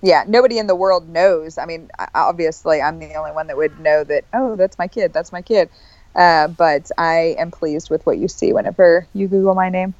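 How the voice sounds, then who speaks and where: A woman's voice: low-pitched, fairly quick, few pauses, darkish tone, no echo. A woman chats playfully as a podcast co-host. Her voice comes through dry and slightly muffled, with the treble dulled. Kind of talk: casual chat. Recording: dull dry sound.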